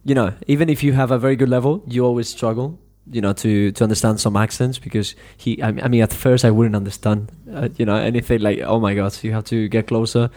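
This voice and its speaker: A man's voice: medium pitch, steady tone, fast talker, few pauses, dark tone. A male podcast host, a native Spanish speaker talking in English, asking long friendly questions full of fillers. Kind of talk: casual interview.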